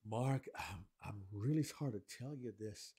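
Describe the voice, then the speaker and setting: A man playing a father who struggles to tell his son bad news, in a lowered, soft, halting voice. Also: slightly rough. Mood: sorrowful. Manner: hesitant, halting, struggling emotionally.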